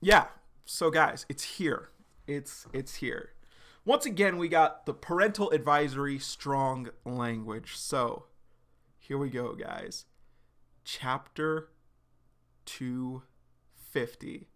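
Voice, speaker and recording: A man's voice: medium pitch, slow, long pauses, fairly bright tone. A young man streaming a live reaction, recapping a comic chapter in a loose, slangy way full of "like" and the odd swear word.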